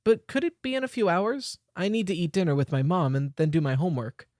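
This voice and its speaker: A man doing a shy, high young girl. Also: a little fast, darkish tone, close to an everyday voice. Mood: timid eager.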